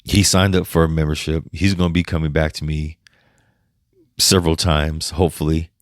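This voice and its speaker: A man hosting a podcast, telling a personal story in a halting, emotional way, with restarts and some swearing. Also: a bass voice, flat delivery, no echo, studio quality. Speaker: podcast host.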